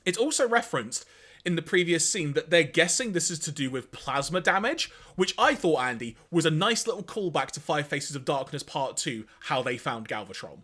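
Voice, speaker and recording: Bright, lively man recapping episodes. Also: on the high side, moderate pace. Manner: reads quotes aloud in put-on voices, laughs often. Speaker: podcast co-host. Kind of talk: casual podcast recap.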